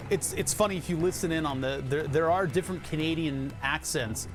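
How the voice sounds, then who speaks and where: A man's voice: a little high, a little fast, over music. A man with a Philadelphia accent, streaming live and chatting casually, rambling, laughing often and swearing now and then.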